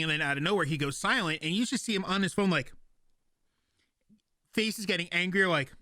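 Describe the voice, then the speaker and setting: Bright-voiced man. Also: on the high side, no room sound, studio quality. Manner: animated, profane storyteller, stumbles and restarts. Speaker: podcast host. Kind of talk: casual podcast storytelling.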